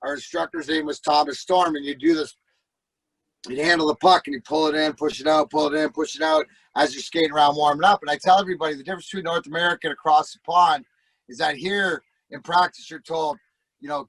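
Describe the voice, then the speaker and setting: A middle-aged man, a former hockey player and podcast guest, telling profane stories in a casual, animated way and acting out the voices. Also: fairly high pitch, fast talker, no room sound, low-quality recording. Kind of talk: casual storytelling.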